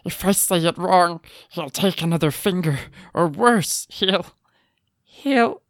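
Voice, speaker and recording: A man doing a terrified young prisoner in a dramatic book reading, his voice thin, weak and squeaking much higher than usual. He pleads and trembles over every word. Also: animated, takes it slowly, vocal fry, dry recording, clean studio sound, full character voice. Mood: pleading.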